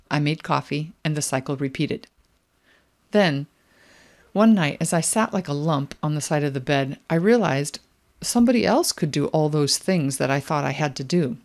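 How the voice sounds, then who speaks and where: Woman, middle-aged, low voice, memoir narration, introspective, measured. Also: darkish tone. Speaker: memoir author reading her own book.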